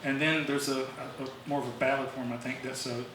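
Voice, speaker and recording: A man's voice: mid-range voice, little pitch movement, brisk. Man lecturing in a very echoey room. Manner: rambling, with many fillers and restarts. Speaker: songwriting speaker at a club meeting. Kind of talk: informal talk to a group. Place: meeting room, recorded from a distance. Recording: very echoey room, distant mic, faint hiss.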